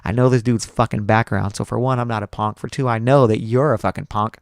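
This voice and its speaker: A man hosting a podcast, telling a long story in a profane, repetitive, animated way. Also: on the low side, fairly quick, few pauses, dry recording, studio quality. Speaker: podcast host. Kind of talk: casual storytelling monologue.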